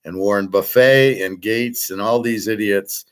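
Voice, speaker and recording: A man teaching a relaxed online class, blunt and profane, rambling with restarts and answering viewers' chat. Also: lowish voice, measured pace, clean tone. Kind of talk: casual livestream lecture.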